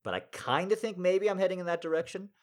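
A man chatting to his listeners in a rambling, heartfelt way, with halting restarts. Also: sits high, animated. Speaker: audio creator. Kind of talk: casual chat to listeners.

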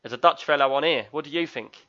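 A podcast host with a London accent chats casually, joking around and reading listener reviews aloud. His voice is a little high and quick, captured on a tinny lo-fi mic with crowd noise in the background.

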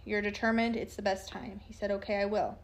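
A woman's voice: medium pitch, level tone, brisk, creaky. A woman telling a true crime story by reading text messages aloud, in a plain, matter-of-fact way with casual asides.

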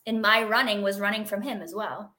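A middle-aged woman, a guest in an interview, telling her healing story in a chatty, expressive way with lots of fillers and laughter. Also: mid-range voice, a little fast. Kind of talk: casual interview conversation.

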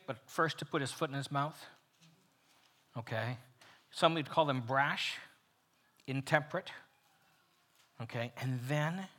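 A man leading a men's Bible study, teaching in an animated way, loud on emphatic points and dropping almost to a whisper on others. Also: medium pitch, breathy edge.

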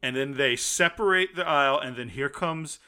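Excitable man with a bright voice. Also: medium pitch, moderate pace. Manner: excitable, animated retelling with quoted reactions. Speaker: podcast co-host. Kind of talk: casual chat.

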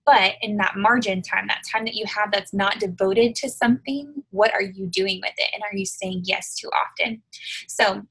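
Brief: woman, husky-breathy, mid-pitched, chatty devotional talk on a home video call. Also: fairly even intonation, normal speed, a bit bright, low-quality recording. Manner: conversational, frequent fillers and tag questions. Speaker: devotional speaker. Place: her living room at home.

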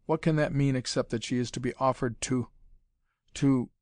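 A man's voice: mid-range voice, steady tone, normal speed, darkish tone, dry recording, clean studio sound, natural voice. A man reading the lines of a grim young male adventurer in an audiobook, explaining steadily.

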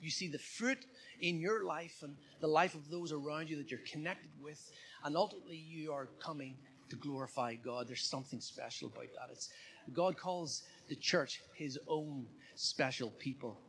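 A pastor preaching a sermon in a fairly high voice. He keeps a chatty, conversational tone and often asks the congregation questions, over a faint hiss in the background. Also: normal speed, a bit bright. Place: church.

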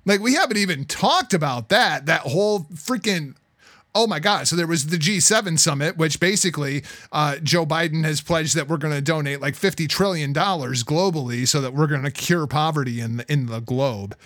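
A man's voice: fairly high pitch, moderate pace, no room sound, clean studio sound. Profane, exasperated man on a podcast. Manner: profane, exasperated, swings from loud outbursts to muttering. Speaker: podcast co-host. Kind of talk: heated political talk.

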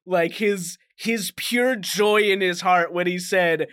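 A man's voice: high voice, slow, hardly any pauses, fairly bright tone, clean tone. A man in casual podcast chat, wry and teasing, often laughing.

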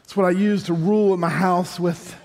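A high-sitting, slightly mellow male voice, steady in tone and brisk, carries an American pastor's sermon full of stories and joking asides that build to sung emphasis. It's recorded in a large church hall with long reverb and faint music.

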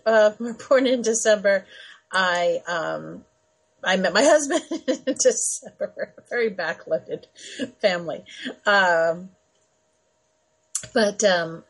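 Breathy chatty woman radio host. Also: medium pitch, poor audio. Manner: chatty, laughs often, earnest. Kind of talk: casual radio talk.

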